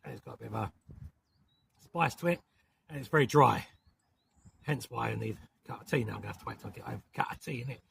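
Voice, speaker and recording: Gravelly southern English man in a tent. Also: medium pitch, fast talker, long pauses, slight background noise. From southern England. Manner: chatty, rambling, mild swearing with apologies. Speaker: camping vlogger. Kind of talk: casual talk to camera. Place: inside a small hot tent in woodland.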